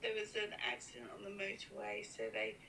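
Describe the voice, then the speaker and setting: A middle-aged English woman with a croaky morning voice, chatting casually with her grown child and checking up on practical matters. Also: medium pitch, sing-song, a little fast, bright, forceful tone, slight background noise. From England. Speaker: streamer's mother on a call. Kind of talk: casual family chat.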